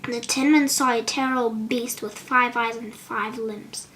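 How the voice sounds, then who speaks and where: A woman narrating a children's storybook audiobook with expressive delivery and occasional slips. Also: fairly high pitch, measured pace.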